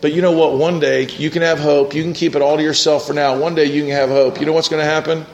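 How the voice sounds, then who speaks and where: A man preaching a sermon and leading a prayer as pastor, impassioned and climbing to high, fervent peaks. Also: little pitch movement, fast, lo-fi sound.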